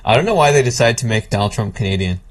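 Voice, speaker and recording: A man co-hosting a podcast, chatting casually in a dry, measured way and laughing often. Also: medium pitch, lively intonation. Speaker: podcast co-host. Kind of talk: casual chat.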